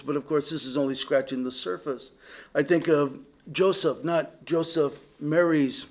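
A man's voice: fairly high pitch, darkish tone. Earnest man preaching a casual sermon. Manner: earnest, with frequent restarts and direct asides to listeners. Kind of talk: conversational sermon.

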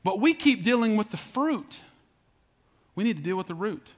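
A man's voice: high-pitched, animated, normal speed, slight background noise. Emphatic preacher calling to his church. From Southern United States. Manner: emphatic, repeats phrases, calls out to congregation. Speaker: pastor. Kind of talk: sermon.

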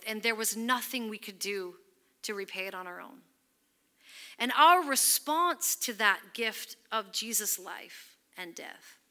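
A woman's voice: a little high, sharp tone. A woman pastor preaching an earnest sermon, emphatic at times and dropping almost to a whisper when she quotes scripture.

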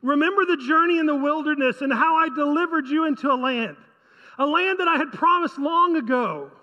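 A man's voice: very high voice, animated, a little fast, bright, forceful tone, in a large hall, muffled recording. A male pastor preaching a conversational sermon, often asking the congregation rhetorical questions.

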